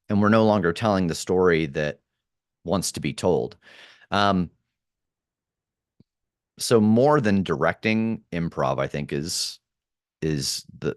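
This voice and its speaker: A man with a very low, deep voice talks through acting and production tips at an easy, thoughtful pace. He restarts often and fills pauses with ums. The sound is dry and close, with no room around it. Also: dry recording. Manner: thoughtful, many fillers and restarts. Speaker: podcast producer and actor. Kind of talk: casual interview chat.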